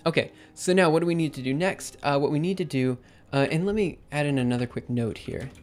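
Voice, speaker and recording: Thinking aloud as he codes on a live stream, a young man fills his casual commentary with fillers and corrections of himself. His voice is a little high, a touch fast and darkish in tone, and it sounds worn because he is losing it.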